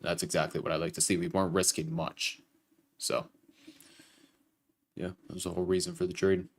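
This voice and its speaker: A young man with a low voice hosts a live trading stream. He talks casually and swears now and then while he walks his viewers through a trade. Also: flat delivery, a little fast. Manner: casual and profane, explains trades to chat. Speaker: livestream trading host. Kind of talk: casual livestream chat.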